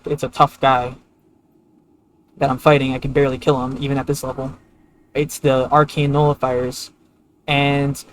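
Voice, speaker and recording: A man's voice: medium pitch, a little hiss or hum, rough recording. A man streaming a video game, telling a long story in a loose, rambling way with lots of filler words. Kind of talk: casual gameplay commentary.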